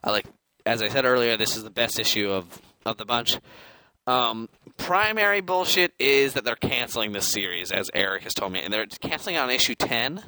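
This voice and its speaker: A man's voice: medium pitch, animated, moderate pace, pushed and bright, no echo, low-quality recording. A young man co-hosting a podcast, chatting loosely about comics, rambling and laughing as he acts out what characters say. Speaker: podcast co-host. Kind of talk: casual comic book chat.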